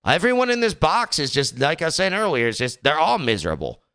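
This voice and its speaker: A man's voice: fairly high pitch, wildly swooping pitch, fairly quick, fairly bright tone, smooth. A young man hosting a podcast in casual talk, rambling and exasperated, slipping into mocking voices. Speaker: podcast host.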